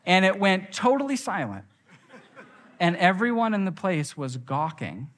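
A young man preaching in a big hall, his voice ringing out with a long echo. He talks in a lively, swooping way, slightly high for a man, and acts out the people in his stories. It sounds like a sermon told as a story. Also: a little slow. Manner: animated storytelling with acted quotes. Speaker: pastor. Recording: reverberant hall.

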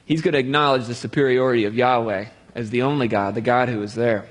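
A man's voice: mid-range voice, fairly quick, fairly bright tone, big-room sound. A man preaching a sermon in a conversational way, with jokey everyday analogies.

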